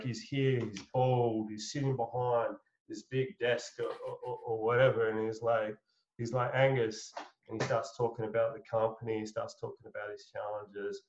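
A man telling a long anecdote as an interview guest, rambling with many fillers and restarts and swearing casually. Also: medium pitch. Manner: chuckles while telling a story. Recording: slightly muffled audio.

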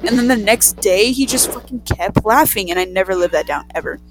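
A young woman casually telling a story to friends, animated and profane, acting out the voices in it. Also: mid-range voice, fast, hardly any pauses, a little hiss or hum. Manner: animated, profane, acts out quotes. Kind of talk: casual chat.

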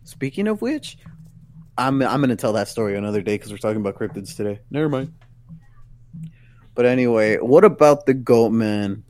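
A man's voice: medium pitch, normal speed, long pauses. A young man co-hosting a casual podcast chat, swearing freely and laughing often. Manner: swearing, laughing a lot, animated. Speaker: podcast co-host.

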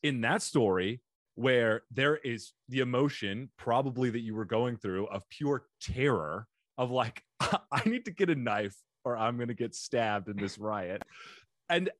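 A man's voice: mid-range voice, no echo, studio quality. A man hosting a podcast in a casual interview, laughing often and talking in long, rambling stretches. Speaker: podcast host.

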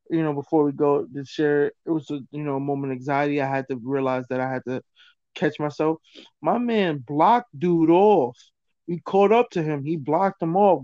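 A slightly high-pitched man tells stories in casual chat, animated and slangy, full of fillers and asides. His voice sounds dry and a bit dull. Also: dry recording.

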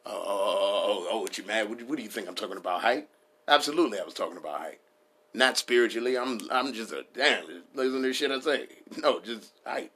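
Bright-voiced man riffing profanely. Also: fairly low pitch, brisk, slight background noise. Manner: rambling, profane, laughs at his own jokes. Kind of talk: casual comedic riffing.

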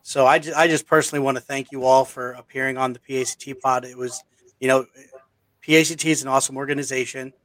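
A man hosts a podcast, enthusiastic and grateful toward his guests. His pitch stays fairly flat, and the sound is dry and close. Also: fast talker, no echo. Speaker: podcast host. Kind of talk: casual podcast hosting.

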